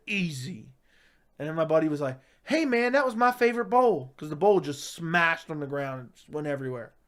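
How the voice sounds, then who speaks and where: A man telling a comic story in a deadpan tough-guy way, with lots of "right?" and "like". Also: a little high. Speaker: comedic storyteller. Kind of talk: casual storytelling monologue.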